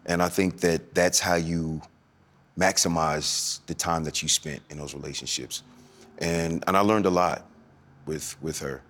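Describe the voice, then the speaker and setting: A man in his forties speaking as a podcast guest, with a soft, smooth and melodic way of talking. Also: low voice, fairly even intonation, unhurried. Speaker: guest, former NFL running back turned actor. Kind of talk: podcast interview.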